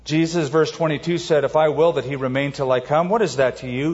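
A man preaching a sermon as a pastor, emphatic, slowing down to stress key words. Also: a little high, steady tone, darkish tone. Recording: dull audio with long hall reverb.

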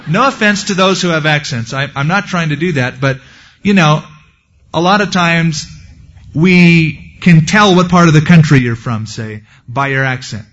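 A pastor preaching through a Bible passage, with casual, folksy asides to his listeners. His voice sits a little high for a man. The recording sounds dull and lo-fi. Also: moderate pace, fairly bright tone. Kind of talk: expository sermon.

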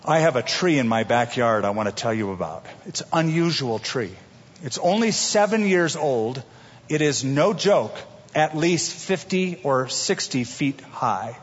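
A man preaching a sermon as pastor, telling it in an animated way with homey everyday examples. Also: mid-range voice, measured pace, husky. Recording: dull recording with long hall reverb.

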